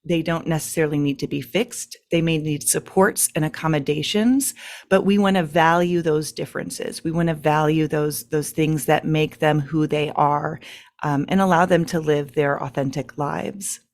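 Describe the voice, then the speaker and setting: A woman presents to a meeting as guest speaker, her voice a touch low. She talks in a loose, chatty way, with lots of fillers and small laughs. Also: steady tone, normal speed.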